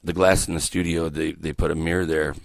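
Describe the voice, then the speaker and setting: A man's voice: very deep voice, little pitch movement, a little fast, vocal fry, no room sound. A middle-aged man hosting a morning radio show from a small studio, rambling through stories full of swearing and laughing at his own jokes. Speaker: radio host. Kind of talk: profane casual morning radio banter. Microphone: studio microphone.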